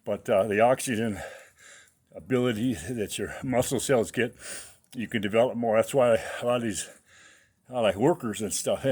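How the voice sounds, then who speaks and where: A slightly out-of-breath man talking casually to camera about his workout, rambling with many fillers. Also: on the low side. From United States. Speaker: fitness vlogger.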